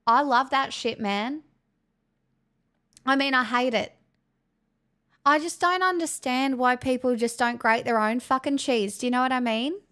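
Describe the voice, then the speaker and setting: A woman's voice: sits high, a bit bright, clear, resonant tone. Woman doing a nasal, broad Australian ranter. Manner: crude, swearing, rambling ranting. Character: brash loudmouthed ocker Australian ranter.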